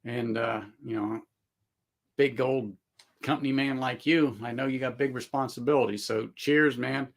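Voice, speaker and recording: A man's voice: medium pitch, steady tone, moderate pace. A man hosting a casual livestream chat, rambling with many fillers and restarts and laughing often. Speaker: livestream host.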